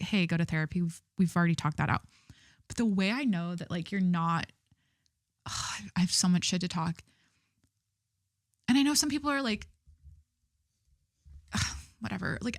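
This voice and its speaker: A woman's voice: medium pitch, a bit bright, dry recording, studio quality. A young woman hosting her own podcast, chatting candidly and gossiping, swearing freely and laughing at herself. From Southern California. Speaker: podcast host. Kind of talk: casual solo podcast chat.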